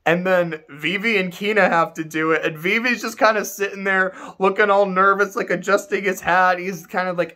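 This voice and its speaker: A man's voice: high voice, steady tone, normal speed, hardly any pauses, sharp tone. Male game reviewer, casual rant, profane and sarcastic.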